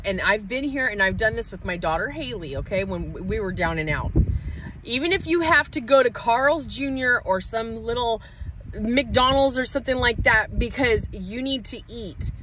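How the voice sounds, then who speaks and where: A mother livestreaming from inside her parked truck, venting in a heated, profane rant with quick outbursts. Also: on the high side, fairly bright tone, slight background noise, rough recording. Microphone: phone livestream.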